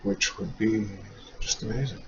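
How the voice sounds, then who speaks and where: A man's voice: on the low side, fairly even intonation, a little slow. A man giving rambling, wry, self-mocking commentary over a racing game. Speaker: sim racing video creator. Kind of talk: casual gameplay commentary. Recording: dull lo-fi mic with faint noise.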